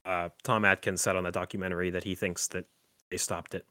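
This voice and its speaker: A man's voice: sits low, level tone, brisk, pushed and bright, dry recording. A man hosting a casual podcast about a movie, talking loosely with lots of fillers and restarts. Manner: rambling, many fillers and restarts. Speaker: podcast host.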